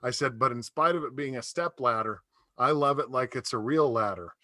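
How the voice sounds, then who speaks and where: A man's voice: medium pitch, brisk, over a noisy crowd. A middle-aged man doing a stand-up comedy set over a video call, telling rambling stories and laughing at his own jokes.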